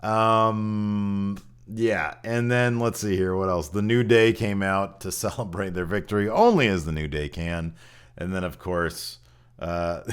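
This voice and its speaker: A man's voice: deep voice, a bit bright, smooth. A man hosting a wrestling podcast, giving a blunt, opinionated recap in casual chat and swearing freely.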